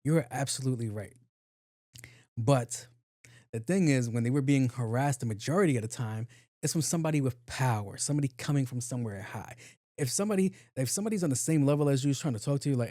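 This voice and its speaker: A man talks alone on his podcast and tells a work story, slipping into little voices for the people he quotes. His voice is mellow and relaxed. The sound is dry and close, with almost no room around it. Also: medium pitch, fast, no room sound. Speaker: podcast host. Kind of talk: casual solo podcast monologue. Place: home studio, on camera.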